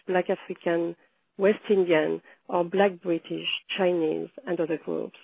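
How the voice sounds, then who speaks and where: A woman with a sore throat delivers a webinar presentation, her voice hoarse and gravelly. Her tone is dark and mellow, and she moves at a measured pace, stopping often to hesitate. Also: lowish voice, poor audio. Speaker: presenter, founder of a video project. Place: London.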